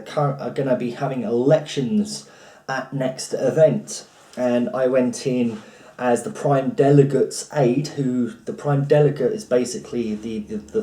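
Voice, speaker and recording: A man's voice: mid-range voice, warm tone. Rambling man in a roomy home setting. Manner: rambling, with many fillers and restarts. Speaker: vlogger recapping a live-action role-play event. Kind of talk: casual chat. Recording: roomy, from far off the mic.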